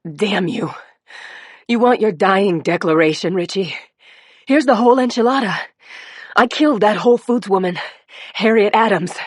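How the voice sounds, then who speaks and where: A woman's voice: medium pitch, moderate pace, long pauses, no room sound, clean studio sound, natural voice. A woman voicing a badly injured young policewoman who screams, cries and curses. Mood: defiant. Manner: screaming, crying, cursing. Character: young woman cop, injured, frantic and defiant.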